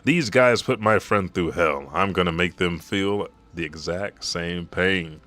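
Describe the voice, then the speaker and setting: A man's voice: deep voice, unhurried, a bit bright. A man voicing a tired but protective young prince in a read-aloud manga summary. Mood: fierce.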